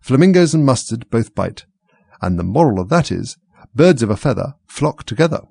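A man's voice: mid-range voice, sing-song, moderate pace, gravelly, dark tone, slightly rough, no room sound, full character voice. A man voicing a pompous, moralizing older noblewoman in a storybook reading, with a sing-song, preachy delivery. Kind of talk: audiobook character reading.

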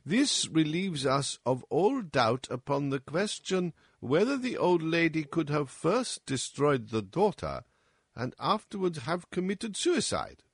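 A man voicing a calm, analytical male detective who lays out his reasoning in a measured, lecturing way, as in an audiobook. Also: on the high side, breathy edge, no room sound, clean studio sound, voice pushed up, full character voice. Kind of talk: audiobook character reading.

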